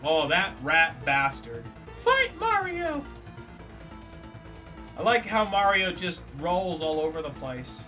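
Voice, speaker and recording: A man's voice: a little high, measured pace, few pauses, pushed and bright, soft background music. A man casually commentating a game on a live stream, joking and teasing a viewer.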